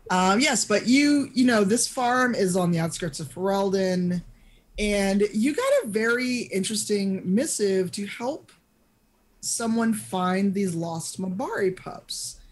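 A woman narrating an online tabletop game as game master, chatty and halting with lots of fillers. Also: medium pitch, animated. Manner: chatty, hesitant with many fillers.

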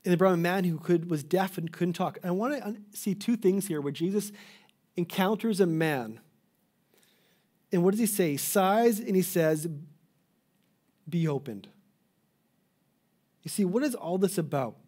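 Animated and earnest, a middle-aged pastor from Canada pleads with his listeners, occasionally abandoning a phrase and beginning again. His mellow, warm, slightly high voice moves at a moderate pace with frequent pauses.

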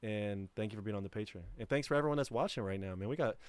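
A man hosting a casual call-in livestream, talking in a relaxed, rambling way and laughing easily. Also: fairly low pitch, racing, clean tone, no echo. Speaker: livestream host.

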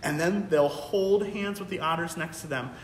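A man's voice: fairly high pitch, moderate pace, echoey room, a little hiss or hum. A man working as a museum educator, reading a picture book aloud to young children in an encouraging way. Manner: warm, encouraging, talks to young kids. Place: museum program room.

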